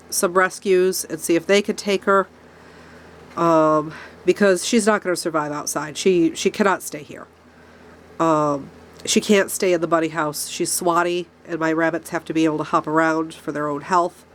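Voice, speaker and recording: In a casual talk to camera from her rabbit barn, pets nearby, a congested vlogger with a cold rants angrily about a problem and mentions her own angry tone. Her voice is on the low side with fairly even intonation at a moderate pace, over a little hiss or hum.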